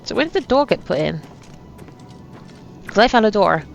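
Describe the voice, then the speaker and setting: A woman's voice: medium pitch, sing-song, normal speed, vocal fry, soft background music. Wry woman commenting on her gameplay. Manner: chatty, wry, self-mocking asides. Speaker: gaming channel host. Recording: dull lo-fi sound with faint ambience.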